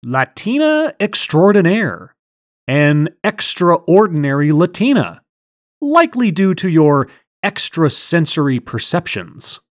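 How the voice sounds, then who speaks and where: A woman's voice: low-pitched, big pitch swings, slow pace, dry recording, faint music behind. A woman hosting a comedy skit in a mock mind-reader persona, talking in a theatrical, dry, sardonic way. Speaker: host.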